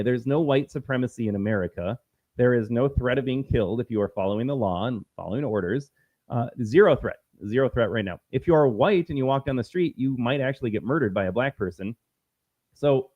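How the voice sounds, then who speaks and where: A man's voice: mid-range voice, highs cut off. Combative man hosting a commentary stream. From Minnesota, US. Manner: combative, sarcastic, emphatic. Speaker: political commentary host. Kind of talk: solo political commentary stream.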